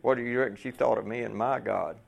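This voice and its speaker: A man's voice: mid-range voice, steady tone, quick pace, gravelly. A man preaching a folksy sermon to fellow truckers, asking the room rhetorical questions.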